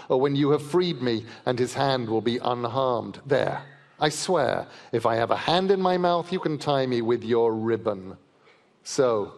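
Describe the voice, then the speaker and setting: A man's voice: mid-range voice, darkish tone, lightly acted. A man reading aloud and voicing a huge, proud male wolf who is suspicious and scornful, speaking in a growling, defiant way. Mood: challenging. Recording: long reverb of a large festival hall.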